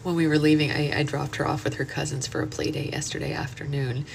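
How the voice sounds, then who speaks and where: A woman's voice: deep voice, quick pace, gravelly. A woman hosting a book club livestream at home, chatting casually with viewers and telling stories with lots of "um" and "like". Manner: chatty, animated storytelling with frequent "um" and "like". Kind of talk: casual chat with live viewers. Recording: distant mic with loud air-conditioning hum.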